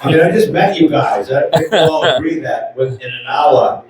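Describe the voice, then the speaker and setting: New comedian shouting his stories. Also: a little high, normal speed. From New England. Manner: animated storytelling, shouting the punchlines in put-on voices. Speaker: stand-up comedian. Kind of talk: live stand-up set. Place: large theater stage. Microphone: recorded from far off in the audience. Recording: loud, echoey audience recording from far off. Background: audience laughter and chatter.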